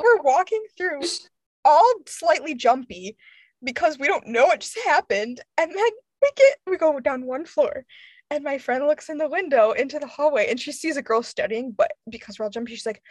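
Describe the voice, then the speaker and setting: A woman in her twenties telling a story in casual chat, animated and acting out the voices of friends, laughing often. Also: sits high, brisk, no echo. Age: 20s.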